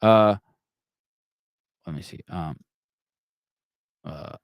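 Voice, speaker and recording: In a dry, studio-quality recording, a man with a fairly low pitch and lively intonation talks at a moderate pace while hosting a podcast. He reads viewer comments aloud during a casual live-stream chat, cursing freely, rambling, poking fun at himself and restarting sentences with plenty of stammers.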